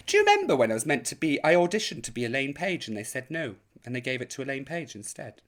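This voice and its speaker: A woman's voice: extremely low pitch, big pitch swings, fast, few pauses. A woman hosting a live online chat show, camp, theatrical and gossipy in her comic banter.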